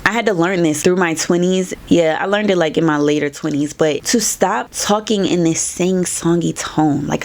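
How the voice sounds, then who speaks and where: A woman's voice: fairly low pitch, gravelly, a little mellow. A young adult woman hosting a podcast, giving an assertive, faith-based motivational talk. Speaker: podcast host. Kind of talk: motivational self-help talk.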